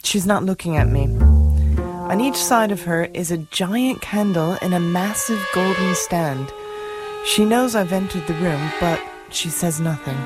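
A woman's voice: on the low side, expressive, a little slow, loud music behind the voice. An actress playing a dreamy young woman who describes her dream in a wondering tone. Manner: wondering, storytelling.

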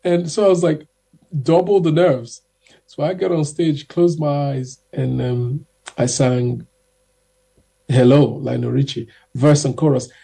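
A young man telling stories in a casual, animated way as a guest, acting out the people he quotes. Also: a little high, a little slow, vocal fry, breathy edge. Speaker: guest singer. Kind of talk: casual storytelling.

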